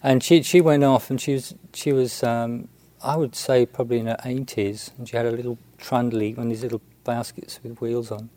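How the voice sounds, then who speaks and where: A man, a Buddhist monk, telling a story in a halting, unhurried way with many restarts and fillers. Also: medium pitch, fairly even intonation, dark tone. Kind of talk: storytelling talk.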